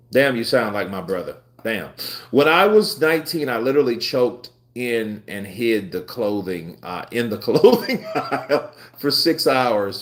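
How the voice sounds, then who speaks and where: A man in his twenties hosting a live stream, chatting casually and telling rambling stories with frequent laughter. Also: mid-range voice. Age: 20s. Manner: laid-back, laughs often, rambling anecdotes. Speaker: livestream host. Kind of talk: casual live commentary and storytelling.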